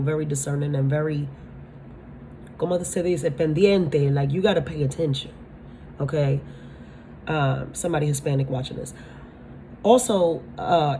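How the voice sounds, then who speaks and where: A woman with a fairly low voice gives a spiritual reading to her viewers. She talks bluntly, swears without hesitation and keeps checking whether they follow her. A faint noise sits under the recording. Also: dark tone. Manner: blunt, swears freely, asks "you understand?". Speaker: tarot reader.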